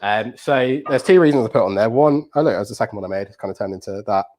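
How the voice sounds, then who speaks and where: A man hosting a live cooking challenge, hurried and breathless, then chatty and full of ums as he explains his dishes. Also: on the low side, darkish tone, a little hiss or hum. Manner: flustered and breathless under time pressure, then chatty explaining with many ums.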